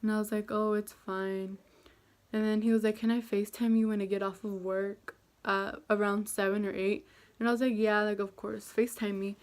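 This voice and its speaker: Her voice sits at medium pitch with little movement and a moderate pace as this young adult vlogger tells a casual storytime to camera. She chats easily, pokes fun at herself, and fills her speech with fillers.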